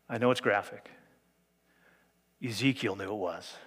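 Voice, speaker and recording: A man's voice: on the low side, measured pace, pauses often, fairly bright tone, breathy edge. A man pastor preaching a sermon, reading scripture aloud and explaining it earnestly and emphatically.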